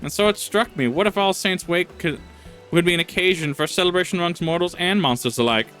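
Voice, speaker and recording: A man's voice: sits high, brisk, a bit bright, soft background music, voice pushed up, low-quality recording. A man voicing a scheming pumpkin-headed witch in a game, using a pompous villain voice rather than a female one. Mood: grandiose. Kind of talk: reading game dialogue aloud.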